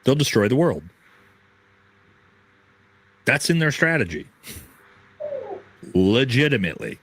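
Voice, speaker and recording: A man's voice: mid-range voice, very animated, takes it slowly, dry recording. A man giving political commentary on a clip, ranting with profanity and disbelief.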